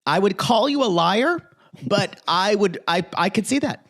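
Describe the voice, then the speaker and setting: A man's voice: animated, measured pace, fairly bright tone. A man in his forties co-hosting a podcast in casual chat, joking with a sarcastic edge. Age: 40s. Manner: sarcastic, joking, swings pitch a lot. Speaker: podcast co-host.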